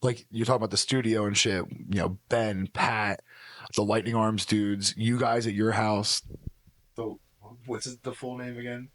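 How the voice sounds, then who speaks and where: A man's voice: on the low side, steady tone, moderate pace, no echo. A man talking as a podcast guest in casual chat, loose and rambling, filling his talk with "like".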